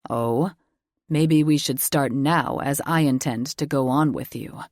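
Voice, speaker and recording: A commanding male alpha wolf shifter, as a woman narrator puts him on, speaking in a very deep, slow murmur. His lines come out unhurried and possessive, like an audiobook lover giving orders. The sound is close and dry, with no room around it. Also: darkish tone, dry recording.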